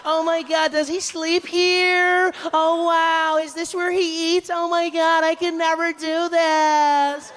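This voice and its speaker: Casting note: comedian doing shrill, gushing tourists, slow and drawn-out in a stand-up bit. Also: male voice, level tone, a bit bright, heavily acted. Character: gushing overeager tourists in a group.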